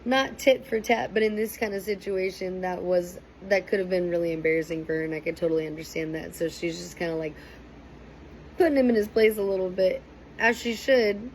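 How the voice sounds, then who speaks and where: A young woman casually recapping and reacting to a TV episode, chatty and animated, with a faint hiss behind her. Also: lowish voice, fairly quick, low-quality recording. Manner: chatty, animated, quotes people in raised voices. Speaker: reaction commentator.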